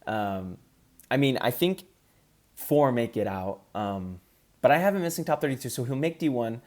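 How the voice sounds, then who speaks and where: A man's voice: mid-range voice, expressive, normal speed, a little mellow. A man in casual commentary, ranking competitive gamers in an upbeat, chatty way with frequent ums.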